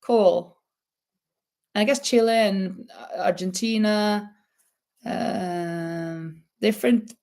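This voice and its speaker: A woman's voice: mid-range voice, drawn-out words, pauses often, a little mellow. A woman with a Norwegian accent chatting casually on a live stream, laughing often and reading out viewer comments. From Norway. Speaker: crochet channel host.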